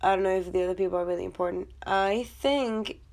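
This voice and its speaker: A woman's voice: medium pitch, fast talker, creaky, a little mellow. A woman vlogger talking casually about a film, chatty and blunt, with swearing and rambling asides. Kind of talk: casual chat.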